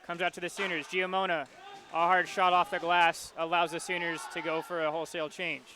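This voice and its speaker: A man calling a hockey game play-by-play, his voice high and bright. He rattles off each pass and shot in a steady, level tone, with faint arena noise behind him. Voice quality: quick, rhythmic calling of the action. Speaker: play-by-play announcer. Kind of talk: live hockey play-by-play commentary.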